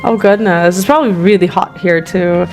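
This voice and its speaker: A woman's voice: lowish voice, normal speed, a little mellow. A woman streamer chatting casually and giggling while she plays a game, with faint game music behind. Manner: giggly, chatty, lots of fillers. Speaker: gaming streamer.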